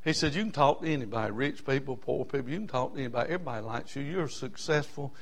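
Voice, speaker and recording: A male pastor preaching a sermon, fervent and folksy, moving from quiet asides to loud hollering. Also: medium pitch, quick pace.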